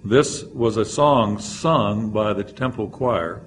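A man's voice: fairly low pitch, slow, slight background noise. A man teaching a Bible lecture, explaining verses and reading scripture aloud with frequent "uh" fillers.

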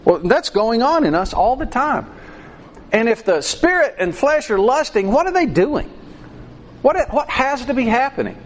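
A man's voice: sits high, slight background noise. A man preaching a sermon, acting out quoted voices with animation.

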